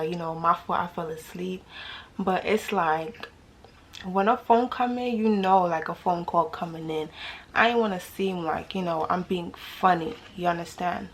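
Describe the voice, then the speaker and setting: A woman's voice: medium pitch, a little hiss or hum. A young woman with a New York accent telling a dating story casually to her viewers, slangy and full of rhetorical questions.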